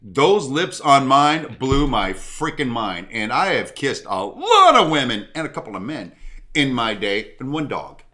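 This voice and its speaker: A man co-hosting a live chat stream, bantering and joking loudly. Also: wildly swooping pitch, unhurried. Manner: joking, boisterous, shouts "boom".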